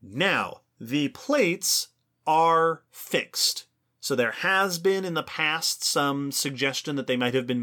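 A man co-hosting an educational podcast, explaining in an enthusiastic, lively way. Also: medium pitch. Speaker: podcast co-host. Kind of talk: educational casual chat.

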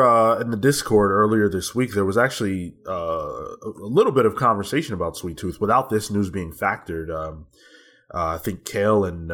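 A man's voice: sits low, fairly bright tone. A man hosting a casual podcast chat, easygoing and using fillers. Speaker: podcast host.

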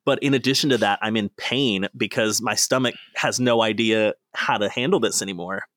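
A man's voice: lowish voice, normal speed, a bit bright, dry recording, studio quality. A man co-hosting a casual podcast, rambling through stories and laughing mid-sentence. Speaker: podcast co-host. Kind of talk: casual chat.

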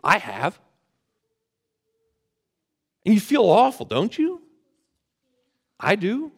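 A man's voice: sits high, wildly swooping pitch, drawn-out words, creaky, breathy edge. A man preaching a sermon in a conversational way, asking the audience questions and retelling a story with casual slang. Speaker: pastor.

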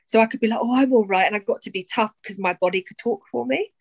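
A young woman, a poet talking candidly as a podcast guest, animated, swearing freely and often pausing on fillers. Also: fairly high pitch, creaky, no echo, poor audio. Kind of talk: candid conversational chat.

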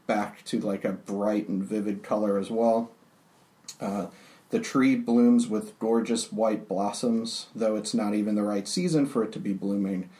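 A man narrating a tabletop role-playing game as game master, halting often with fillers. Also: on the low side, darkish tone. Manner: unhurried, halting with many fillers.

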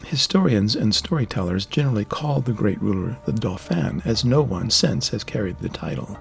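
A man giving steady, measured scripted narration of a fantasy novel. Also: on the low side, gravelly, faint music behind. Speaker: audiobook narrator.

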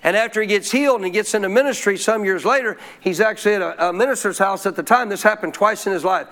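High voiced pastor man preaching, keeps asking the crowd questions. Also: fast. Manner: animated storytelling, asks the crowd questions. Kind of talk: sermon.

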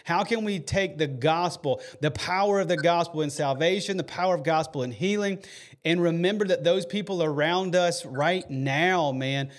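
Earnest man, higher voice. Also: moderate pace. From United States. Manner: earnest, emotional, many fillers and restarts. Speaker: podcast host. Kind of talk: heartfelt faith podcast storytelling.

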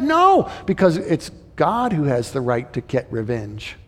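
A man preaching a sermon in an animated way, acting out the people in the story as he paraphrases them. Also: on the high side, a little slow, hardly any pauses, big-room sound. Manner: animated, voices the brothers and Joseph in paraphrase.

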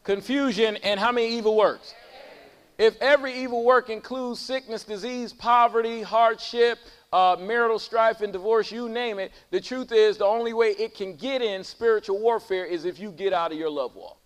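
A man preaching a sermon as pastor to his church, calling out to the congregation and swinging between loud high calls and low quiet talk. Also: moderate pace, clean tone, big-room sound. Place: church sanctuary.

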